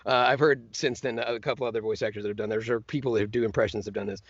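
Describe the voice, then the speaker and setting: A man who is a voice actor guest tells stories in casual chat, animated and laughing as he slips into other voices. His voice is fairly low and husky, he speaks at a quick pace, and the recording is lo-fi with no echo.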